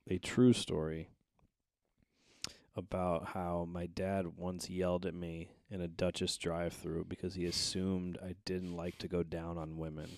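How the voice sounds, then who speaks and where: A hungover young man with a low, gravelly voice tells profane stories on a podcast, jumping into voices for the people in them. The sound is close and dry, with no room echo. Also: a little slow. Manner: animated, profane, acts out voices in his stories. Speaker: guest stand-up comedian. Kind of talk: casual storytelling chat.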